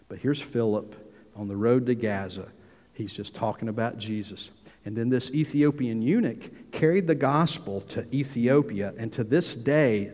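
A middle-aged man preaching a sermon, telling the story lively and acting out the dialogue. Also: medium pitch. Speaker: pastor. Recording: dull hall sound with long reverb.

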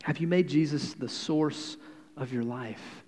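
A man preaching a sermon, swinging from hushed, quiet passages to loud, emphatic declarations. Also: fairly high pitch, a little slow. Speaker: pastor. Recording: long hall reverb.

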